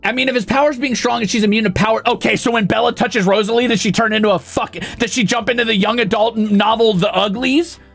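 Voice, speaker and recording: Gravelly, ranting male streamer. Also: very high-pitched, fairly even intonation, quick pace, few pauses, faint music behind. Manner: indignant, profane ranting with shouted bursts. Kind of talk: casual stream rant.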